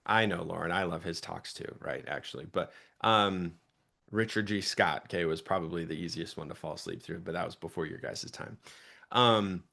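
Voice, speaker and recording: Lowish-voiced man coaching a sales team. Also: normal speed, creaky. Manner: energetic, varies pace and volume for emphasis. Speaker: sales trainer.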